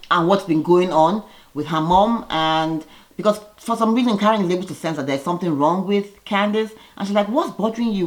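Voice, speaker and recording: A woman vlogger giving a chatty, opinionated recap of a reality TV episode, with lively jumps in her voice. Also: rough recording. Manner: lively, gossipy, opinionated with sudden pitch jumps.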